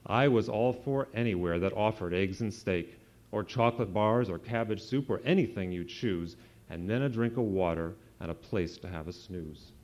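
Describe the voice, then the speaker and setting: A man, an author, reading a rhyming children's story aloud to an audience in a sing-song, lively way. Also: lowish voice, moderate pace. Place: event hall with an audience. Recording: dull lo-fi live recording.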